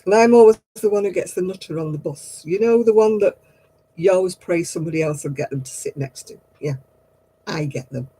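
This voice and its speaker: A woman's voice: fairly low pitch, a little fast, dark tone, slightly rough, rough recording. A woman hosting a livestream craft night, who chats casually, tells stories and laughs at herself often. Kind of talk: casual chat.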